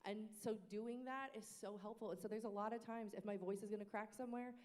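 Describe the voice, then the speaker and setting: A woman who leads a worship team, sharing practice tips on a panel in a lively, expressive way. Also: medium pitch, fast talker. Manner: lively and expressive, breaking into sung demonstrations. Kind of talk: casual panel discussion. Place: church worship space. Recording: echoey hall reverb.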